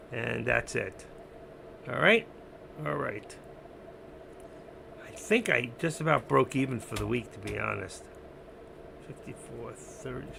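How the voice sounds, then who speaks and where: A man hosting a live trading stream, rambling casually about his trades and breaking off to talk to his cat. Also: noisy background. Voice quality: gravelly. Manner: rambling, talks to his cat in a high sing-song voice.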